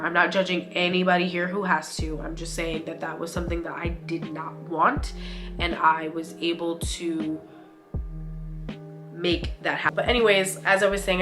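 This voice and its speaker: A young woman vlogger and single mother, talking in a casual, candid and slangy way with lots of fillers. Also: on the low side. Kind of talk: casual sit-down vlog talk.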